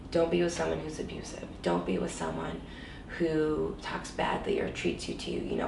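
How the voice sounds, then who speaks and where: A woman with a lowish, gravelly voice tells a painful personal story in an interview, pouring it out with lots of "like" and "you know". She sits back from the microphone in a roomy, echoing space. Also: distant mic, a little hiss or hum. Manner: emotional, many fillers like "like" and "you know". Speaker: interview guest. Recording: echoey room, voice set back from the mic.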